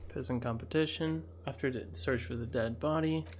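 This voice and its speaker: A man's voice: mid-range voice, moderate pace, slight background noise. Male streamer, casual commentary, reads game text, laughs often.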